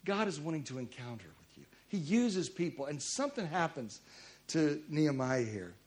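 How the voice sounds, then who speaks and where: A man preaching a sermon as pastor, telling stories with sudden loud bursts of emphasis. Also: on the high side, sing-song, moderate pace.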